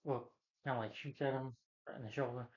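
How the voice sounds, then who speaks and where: A man's voice: mid-range voice, steady tone, a little fast, darkish tone, highs cut off. A man giving a rambling, casual film review and plot recap, full of fillers and restarts. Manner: rambling, filler-heavy retelling with many restarts. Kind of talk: casual movie recap rant.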